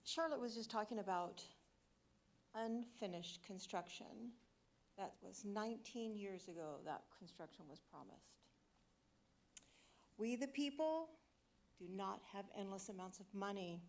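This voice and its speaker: A woman's voice: mid-range voice, normal speed. A woman firmly reading her public comment at a city council meeting. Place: council chamber.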